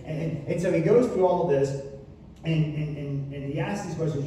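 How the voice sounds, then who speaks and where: A man's voice: on the high side, normal speed, dark tone, slight background noise. A man preaching a sermon as pastor, with impassioned, repetitive delivery. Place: church sanctuary. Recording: echoey room from far off.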